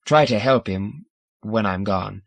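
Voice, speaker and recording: A man voicing a bewildered, earnest human man with a hesitant, quiet manner. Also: lowish voice, takes it slowly, vocal fry, no room sound.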